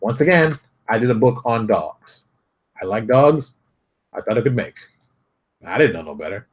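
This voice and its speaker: A man with a slightly rough, mid-range voice and lively intonation hosts his own show, delivering a blunt motivational rant at a moderate pace. Brash and repetitive, he mocks others using put-on voices.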